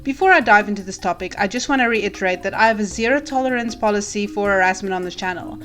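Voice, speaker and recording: A woman reading scripted commentary in a measured, deliberate, argumentative way. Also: medium pitch, over music. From South Africa. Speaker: YouTube commentator.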